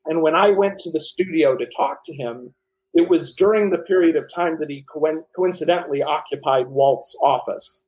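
A man telling animated stories as the author and guest in a casual interview, with many restarts. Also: a little high, moderate pace, a little hiss or hum, poor audio.

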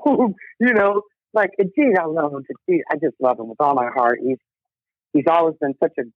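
A man's voice: on the high side, a little fast, dry recording. A middle-aged man, a rock musician guest, telling stories in a casual interview, acting out quotes and laughing often. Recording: tinny dry phone line.

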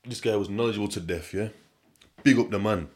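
A man with a very deep, low voice talks through a casual solo podcast monologue. His storytelling is animated and slang-heavy, full of repetition, and it jumps between quiet asides and loud bursts. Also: fairly quick. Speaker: podcast host.

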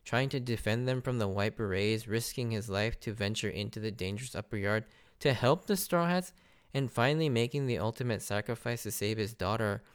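A man giving a casual, animated recap of an anime arc, laughing often and acting out characters' lines. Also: fairly low pitch, brisk, smooth. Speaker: anime reviewer.

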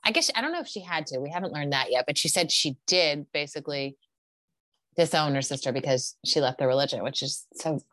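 A woman's voice: sits low, expressive, fairly quick, a bit bright, no room sound, studio quality. A woman co-hosting a podcast, chatting casually about reality TV, laughing often and using lots of fillers. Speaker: podcast co-host.

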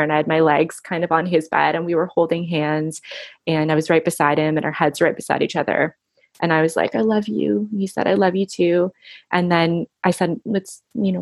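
Soft reflective woman, dry close sound. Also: fairly low pitch, dry recording. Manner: soft, reflective, halting with restarts. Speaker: guest recounting her husband's death. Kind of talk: intimate conversational interview.

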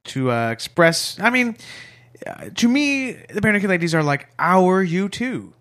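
High, animated man hosting a comedy podcast. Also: unhurried. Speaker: co-host.

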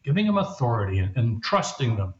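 A man's voice: mid-range voice, big pitch swings, a little fast. Man explaining in a roomy, dull recording. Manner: explanatory, acts out quoted voices. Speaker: guest, leadership coach and author. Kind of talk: conversational podcast interview.

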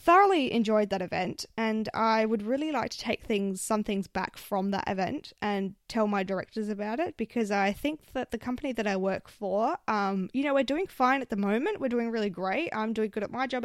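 A young woman with an Australian accent telling stories on her solo podcast, swearing freely and getting animated as she vents. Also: a little high, brisk, hardly any pauses, dry recording, studio quality. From South Australia. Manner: swears often, animated when venting. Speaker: podcast host. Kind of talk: casual solo podcast storytelling.

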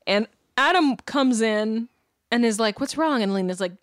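A woman's voice: fairly high pitch, moderate pace, clean tone, no room sound, clean studio sound. A woman co-hosting a casual podcast, recapping an episode with swearing and frequent laughter. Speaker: podcast co-host.

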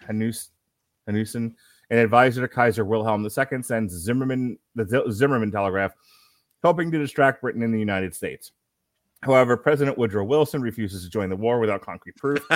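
A man co-hosting a film review podcast, reading a plot summary aloud in a halting way, stumbling over names and correcting himself. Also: medium pitch, no echo. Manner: halting read with self-corrections. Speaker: podcast co-host.

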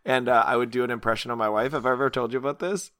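A man in his thirties chatting casually as a podcast co-host, playful and quick to laugh. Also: medium pitch, fairly even intonation, fairly bright tone, dry recording, clean studio sound. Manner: playful, joking, laughs often. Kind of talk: casual chat.

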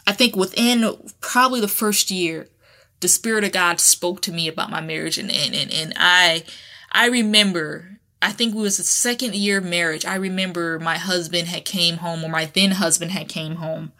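Woman podcast host, conversational and frank, bright clear voice. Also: on the low side, normal speed. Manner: candid and conversational, with colloquial phrasing and frequent restarts. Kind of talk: casual personal talk.

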